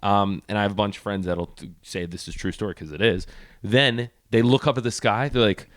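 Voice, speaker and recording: A man's voice: on the low side, a little fast, dry recording. A man co-hosting a podcast, telling a story in casual chat and acting out the people in it, on a studio mic. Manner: animated, acts out the people in his stories. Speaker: podcast co-host.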